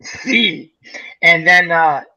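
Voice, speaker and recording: Lively, bright-voiced man in his forties. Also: fairly high pitch, drawn-out words, rough recording. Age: 40s. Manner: animated storyteller acting out voices. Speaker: host. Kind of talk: casual chat.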